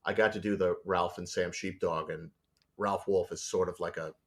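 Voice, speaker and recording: In a casual interview, a storyboard artist tells lively stories and performs the characters' voices. His voice is deep and his pace moderate, with crowd noise in the background.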